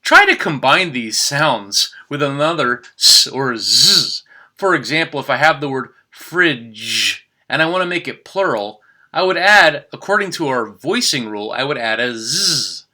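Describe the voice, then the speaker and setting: Bright, careful man teaching pronunciation. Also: medium pitch, lively intonation. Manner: slow, careful over-articulated demonstration of words. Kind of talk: spoken language tutorial.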